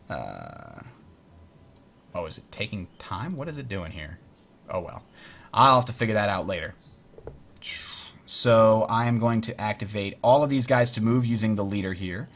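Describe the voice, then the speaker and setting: A man hosting a board game tutorial, explaining rules in a chatty way and muttering while he works the software. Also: lowish voice. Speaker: host teaching a board game. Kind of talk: casual tutorial over online play.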